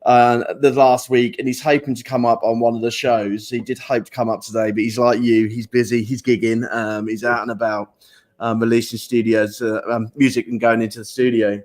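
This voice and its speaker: A man's voice: mid-range voice, flat delivery, fairly quick, a little mellow. A man from the UK hosting a casual livestream chat over a video call, rambling with many fillers and stock phrases. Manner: chatty, rambling, with fillers and repeated "I tell you what". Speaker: livestream host.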